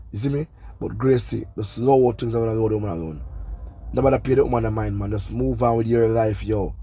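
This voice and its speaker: A man's voice: medium pitch, dark tone, breathy edge. A Jamaican man hosting a gossip channel, talking casually and scolding, often asking "you see me". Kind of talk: casual commentary monologue.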